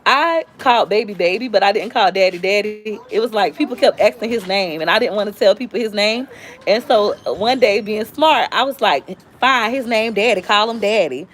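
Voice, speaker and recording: A lively woman, chatting through stories on a live stream. Her voice sits mid-range, and she jumps to squealy highs when she acts out other people. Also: normal speed, slight background noise. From Tampa, Florida. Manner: animated storyteller, squeals high when quoting. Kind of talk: casual storytelling chat.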